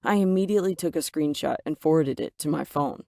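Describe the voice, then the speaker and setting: A woman narrating a first-person story in an even, measured way, voicing the quoted lines herself. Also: low voice, gravelly, no echo, studio quality.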